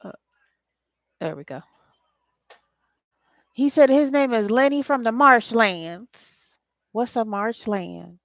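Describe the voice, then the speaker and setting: Slow-talking woman, chatty psychic reader. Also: on the high side, animated, a bit bright, no room sound. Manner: chatty, laughing, talks to viewers and spirits. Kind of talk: casual spirit channeling livestream.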